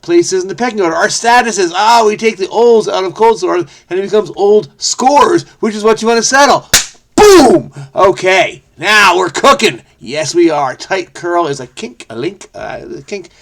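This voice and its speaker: A man solving a crossword aloud, muttering clues to himself and breaking into sudden excited outbursts. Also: high-pitched, normal speed. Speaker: crossword solver, channel host. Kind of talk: casual think-aloud puzzle solving.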